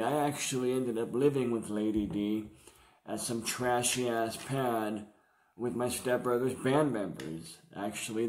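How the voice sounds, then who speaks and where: This man from around San Diego has a medium-pitched, darkish voice as he vlogs confessionally about his former addiction. He tells it in loose, slang-filled, profane fashion, and the recording carries a roomy echo.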